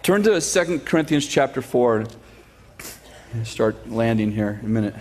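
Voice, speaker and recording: Animated joking male pastor. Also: mid-range voice, slight background noise. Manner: animated storytelling with sarcastic humor and laughs; reads scripture slowly and steadily. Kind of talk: sermon.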